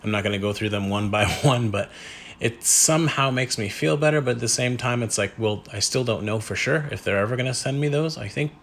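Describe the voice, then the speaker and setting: A man's voice: medium pitch, fairly quick, fairly bright tone, slight background noise. A man hosting a casual unboxing vlog at home, talking in a wry, self-deprecating way as he thinks aloud. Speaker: collector and channel host.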